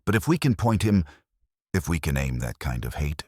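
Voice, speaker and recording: A man voicing a blunt, sardonic middle-aged male vigilante with a rasping delivery. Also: a bass voice, big pitch swings, moderate pace, a little mellow, no room sound, clean studio sound, exaggerated voice. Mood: grim relish.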